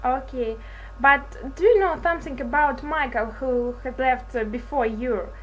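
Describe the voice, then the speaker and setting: Slow, halting woman interviewer. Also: sits high, slight background noise, rough recording. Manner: halting, careful questions. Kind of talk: interview questions.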